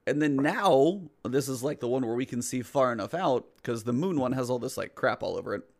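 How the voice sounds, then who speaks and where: A man's voice: mid-range voice, expressive, fairly quick. A middle-aged man co-hosting a casual gaming podcast, chatty and explaining at length. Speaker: podcast co-host.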